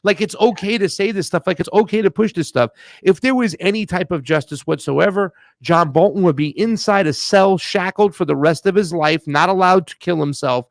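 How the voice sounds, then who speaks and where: A male co-host with a slightly high voice, talking in blunt, slangy, heated bursts. The sound is close and dry, with no room around it. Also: normal speed, creaky, hardly any pauses, no room sound. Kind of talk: casual political chat.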